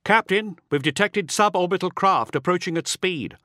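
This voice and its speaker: Man playing a nervous comms officer, tense formal report, very high pitch. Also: moderate pace, sharp tone, dry recording, clean studio sound. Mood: tense urgent.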